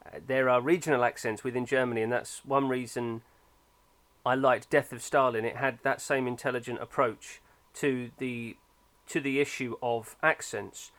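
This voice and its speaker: A man's voice: medium pitch, fairly even intonation, moderate pace, fairly bright tone. A man, chatting about films in a thoughtful, opinionated way with frequent fillers. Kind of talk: casual film discussion.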